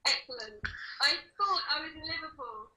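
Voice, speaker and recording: A woman's voice: high voice, expressive, normal speed, sharp tone, low-quality recording. A British woman co-host in a casual chat over a video call, with dry, wry comebacks. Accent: British English. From United Kingdom.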